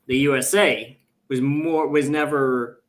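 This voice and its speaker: A man hosting a political podcast, reading out a viewer comment and reasoning through it with many pauses and fillers. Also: mid-range voice, fairly even intonation. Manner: hesitant, filler-heavy reasoning.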